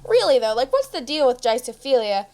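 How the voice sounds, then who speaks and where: A woman's voice: high-pitched, very animated, fairly quick, darkish tone. A young woman hosting her gaming channel, chatting through a card game in a bubbly, rambling, jokey way. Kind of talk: casual game commentary.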